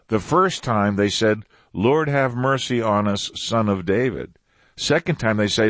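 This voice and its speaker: Male preacher, conversational, animated pitch, emphatic repetition, dry recording. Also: moderate pace, dry recording. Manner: conversational, repeats phrases for emphasis. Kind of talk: Bible teaching.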